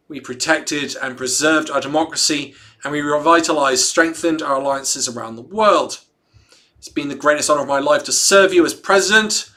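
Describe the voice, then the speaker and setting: A man's voice: mid-range voice, bright, forceful tone. A man hosting a casual livestream, reading a statement aloud and chatting and joking with his viewers between lines. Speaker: livestream host.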